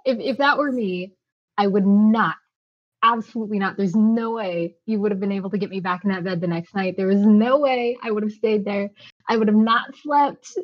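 A woman's voice: medium pitch, moderate pace, muffled recording. A woman podcast host reacting to a guest's story in emphatic casual chat, often laughing.

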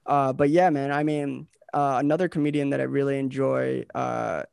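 A man's voice: medium pitch, steady tone, moderate pace, vocal fry, a little mellow, clear, resonant tone, dry recording, studio quality. A young man hosting a podcast, chatting casually and rambling with lots of filler words. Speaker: podcast host.

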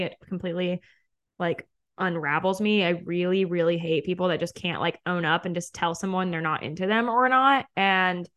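A woman's voice: medium pitch, a bit bright. A young woman in her twenties hosting a podcast, telling a dating story in a chatty way, laughing often and saying "like" a lot. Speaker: podcast host. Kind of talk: casual storytelling.

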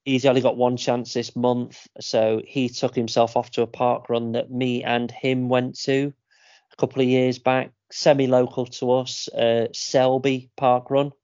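A man's voice: medium pitch, little pitch movement, measured pace, darkish tone, no room sound, lo-fi sound. A man, co-hosting a podcast and telling a story in a casual, rambling way with lots of fillers. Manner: chatty storyteller, many fillers and restarts. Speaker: podcast co-host. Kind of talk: casual chat.

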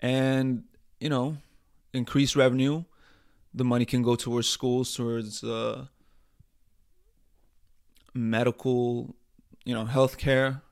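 A man hosting a podcast, talking in a casual comedic rant, animated and profane, rambling with frequent restarts. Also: mid-range voice, slow pace, gravelly, long pauses. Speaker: podcast host.

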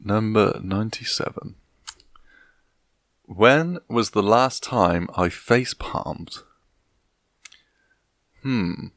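Deep gravelly young man. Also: a bit bright, no echo. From England. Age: 20s. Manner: dry, joking, slow and rambling. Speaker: podcast co-host. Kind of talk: casual chat.

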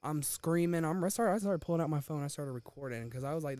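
A man's voice: on the high side, fast talker, a little mellow. A young man co-hosting a podcast, retelling events in a casual, profane way. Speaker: podcast co-host. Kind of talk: casual chat.

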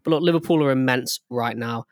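A man hosting a casual sports podcast, enthusiastic and teasing, with animated bursts of excitement. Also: medium pitch, fairly quick, dry recording, studio quality. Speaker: podcast host.

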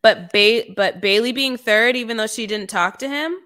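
A woman co-hosting a casual chat, animated and acting out quotes with laughing jumps in pitch. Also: moderate pace. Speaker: podcast co-host.

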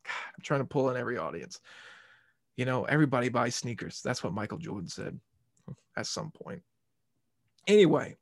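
A man's voice: medium pitch, expressive, fairly quick, long pauses, no room sound, clean studio sound. A man hosting a casual sports podcast, rambling and joking, ranting and swearing as he goes. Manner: rambling and jokey, swears and rants. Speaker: podcast host.

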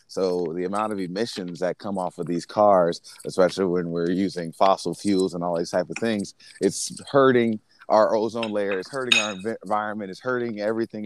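A man's voice: low voice, slight background noise. A man co-hosting a podcast in casual chat, earnest and rambling with frequent restarts. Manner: earnest, rambling, self-correcting. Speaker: podcast co-host.

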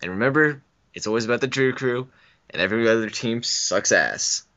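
A man's voice: medium pitch, brisk, sharp tone. A man on a casual podcast plugging a sports show with playful trash talk. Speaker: podcast panelist. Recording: dull lo-fi sound.

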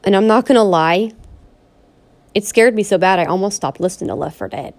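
A woman vlogger ranting in a raw, personal way. Her voice sits at an ordinary middle pitch, and she pleads again and again, stumbling into restarts as she presses her point. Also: vocal fry. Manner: pleading, repetitive and upset, with halting restarts. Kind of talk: emotional personal vlog rant.

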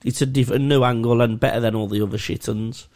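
A man's voice: mid-range voice, fairly even intonation, fast talker, darkish tone. A man co-hosting a casual podcast chat, joking and swearing as he argues his point. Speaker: podcast co-host.

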